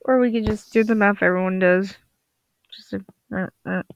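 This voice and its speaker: A young woman, tired and groggy, talks casually over her drawing at night in a digital art vlog, rambling and giggling to herself. Her mid-range voice has vocal fry, fairly even intonation and a moderate pace. It's recorded with no room sound on a dull lo-fi home mic.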